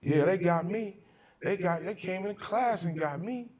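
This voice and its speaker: Here the Altadena-born podcast host's voice is high-pitched yet darkish in tone, and a little slow. He's chatting casually, cursing as he goes, and voicing the characters in his stories from Southern California life.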